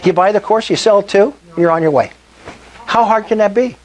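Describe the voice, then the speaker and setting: At a meetup, an older man with a high voice gives an eager sales presentation to the group, speaking at a moderate pace. He regularly turns to the audience with questions.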